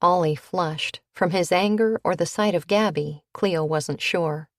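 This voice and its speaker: A woman narrating a cozy mystery audiobook in a measured, slow read. Her voice sits a little low and the recording is dry and close, with no room around it. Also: no room sound. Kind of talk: scripted narration.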